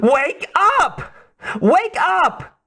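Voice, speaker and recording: A man voicing a frightened young Russian woman with a Russian accent, pleading in high, frantic shouts. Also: sing-song, extremely slow, exaggerated voice.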